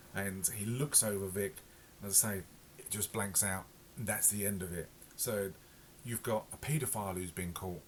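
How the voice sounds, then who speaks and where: A man's voice: on the low side, slight background noise. A man reviewing a TV episode in casual, rambling talk full of fillers and self-corrections. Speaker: podcast reviewer.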